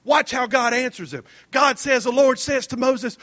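A man preaching a sermon, animated and folksy, retelling scripture in casual slang. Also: very high-pitched, normal speed, muffled recording.

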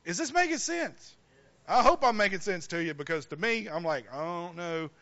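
A preacher with a high, ringing voice, preaching emphatically and throwing questions to his congregation. The recording sounds a little muffled and dull. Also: sing-song, normal speed, bright, forceful tone. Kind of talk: sermon.

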